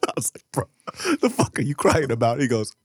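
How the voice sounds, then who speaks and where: A man's voice: mid-range voice, expressive, moderate pace, no room sound, studio quality. A man chatting casually, telling a story with swearing and laughter. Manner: laid-back, profane, laughing storyteller. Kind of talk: casual chat while eating.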